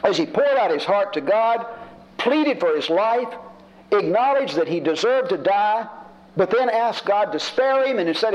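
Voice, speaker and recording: A man's voice: high-pitched, big pitch swings, moderate pace. A man preaching a sermon in a conversational, emphatic way, building his points through repetition. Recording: dull lo-fi recording.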